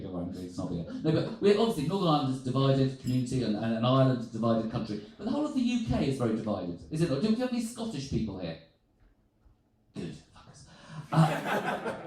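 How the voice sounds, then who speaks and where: A man's voice: mid-range voice, dark tone, heavy reverb, far from the mic. A man doing stand-up comedy before a live audience, chatty and self-mocking, swearing freely.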